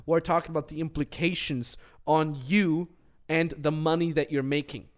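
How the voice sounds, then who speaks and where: A man co-hosting a business podcast in casual, energetic chat, with jokey asides. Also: fairly high pitch, moderate pace. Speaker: podcast co-host.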